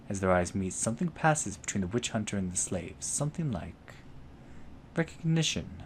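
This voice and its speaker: A man's voice: lowish voice, sing-song, normal speed, slight background noise. A man reading a game's story aloud as narrator, dropping casual asides in between. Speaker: let's play host.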